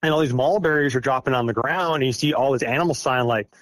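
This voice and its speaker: A middle-aged man from Iowa in the United States talks fast in a medium-pitched voice as a podcast guest, casually recounting a personal encounter. He rambles, pokes fun at himself, and uses lots of fillers, with no room sound.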